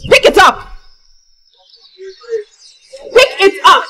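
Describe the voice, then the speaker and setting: Nagging wife, Nigerian accent, high shouting, mocking, noisy outdoor film sound. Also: female voice, very animated, very slow, heavily acted. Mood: scolding. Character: scornful nagging wife berating jobless husband. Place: outdoors in public.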